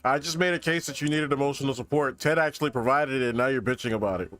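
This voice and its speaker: A man's voice: mid-range voice, a bit bright. A man on a game voice chat, making sarcastic remarks to his friends. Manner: sarcastic, quick. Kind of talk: casual gaming chat.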